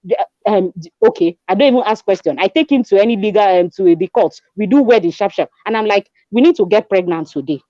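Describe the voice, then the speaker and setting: Twenties, Nigerian accent, mellow tone, expressive storyteller who slips into pidgin, dry close recording. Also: female voice, medium pitch, fast talker, no room sound, muffled recording. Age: 20s. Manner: animated storyteller, acts out dialogue, mixes in pidgin. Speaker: guest. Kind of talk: conversational testimony.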